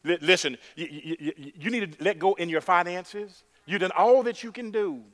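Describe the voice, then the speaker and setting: A male pastor preaching a sermon, emphatic and repetitive, building to loud exclamations. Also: high voice, moderate pace.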